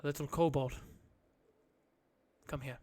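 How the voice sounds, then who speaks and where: A man voicing a calm old seer who speaks in a hushed way at a ritual. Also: mid-range voice, measured pace, natural voice.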